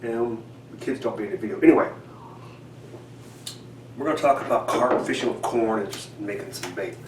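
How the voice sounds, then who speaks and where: A man talks through a casual fishing how-to at home, rambling and halting with plenty of ums and restarts. His somewhat low voice sits away from the mic in a roomy, echoey space. A faint hiss runs underneath. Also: far from the mic. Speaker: fishing channel host. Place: home indoors.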